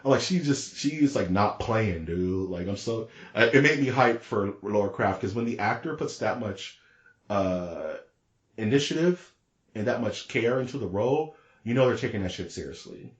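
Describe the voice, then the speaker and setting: A man co-hosting a podcast in casual chat, talking in an excitable, rambling, slangy way. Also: on the low side, normal speed, echoey room, muffled recording. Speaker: podcast co-host.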